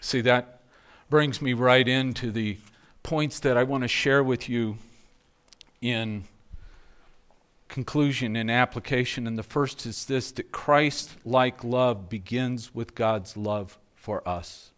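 A man preaching a sermon in a slow, measured way, letting phrases drop to a hush at their ends. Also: medium pitch, steady tone, clean tone. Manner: slow, measured preaching, softening to hushed endings. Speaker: pastor.

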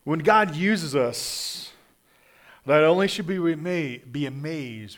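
A man's voice: on the high side, slow. Casual, stammering man preaching a sermon. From Kansas, USA. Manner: conversational, animated, many restarts and stammered repeats. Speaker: pastor.

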